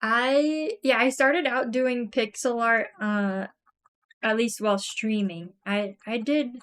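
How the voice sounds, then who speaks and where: A woman's voice: on the high side, fairly even intonation, slow pace, fairly bright tone, smooth. Giggly young woman chatting on stream. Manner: giggly, rambling, lots of "like" fillers. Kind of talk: casual live-stream chat while crafting.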